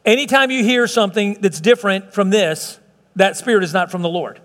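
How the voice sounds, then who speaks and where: High-voiced man preaching in a reverberant sanctuary. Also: a little fast, a bit bright. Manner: fervent, conversational preaching with repeated phrases and restarts. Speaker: pastor. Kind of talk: sermon. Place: church sanctuary.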